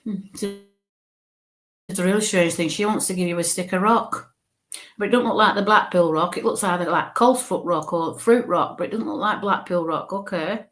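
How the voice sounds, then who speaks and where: A woman with a voice on the low side works as a spirit medium, giving viewers a live reading at a moderate pace. Chatty and reassuring, she thinks aloud while relaying what she senses, peppering her talk with lots of "okay" and "bless you."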